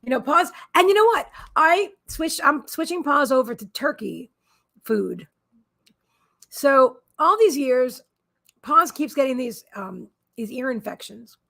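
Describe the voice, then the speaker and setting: A woman's voice: sits high, expressive, measured pace, vocal fry, a bit bright. A woman hosting a psychic live stream from her desk at home, chatting in a meandering way and often talking to her pets. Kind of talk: casual chat on a live stream.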